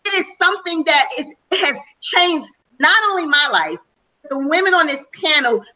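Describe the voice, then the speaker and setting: High bright-voiced woman giving a testimonial. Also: lively intonation, normal speed, rough recording. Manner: enthusiastic, transparent storytelling. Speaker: panel guest. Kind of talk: testimonial on a webinar call.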